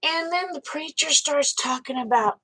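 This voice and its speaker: A woman's voice: sits high, normal speed, bright, forceful tone, low-quality recording. A woman, hosting a live stream and telling a story in a frank, chatty way, swearing casually and talking straight to her viewers.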